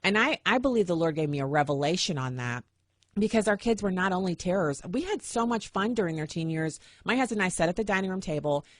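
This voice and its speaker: A middle-aged woman hosting a talk radio show, telling a personal story with lively acted-out quotes. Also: lowish voice, fast talker, dry recording, studio quality. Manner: animated, acts out quoted voices.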